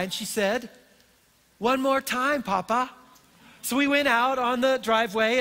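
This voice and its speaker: Older man preaching in a reverberant hall. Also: very high-pitched. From Colorado, USA. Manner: storytelling, animated and warm-hearted. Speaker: pastor. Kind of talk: sermon. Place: church auditorium.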